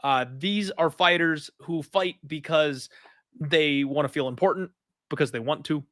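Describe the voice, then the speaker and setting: Blunt, fast-talking podcast host man. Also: a little high, no room sound. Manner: animated, blunt, opinionated. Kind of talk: casual betting podcast chat.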